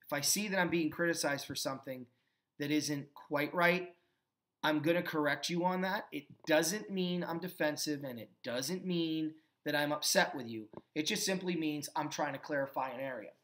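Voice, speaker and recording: A man's voice: fairly high pitch, normal speed. A man hosting his own football talk show, giving opinionated commentary with emphatic rhetorical questions. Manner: calmer and earnest when thanking fans. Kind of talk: opinionated sports commentary monologue.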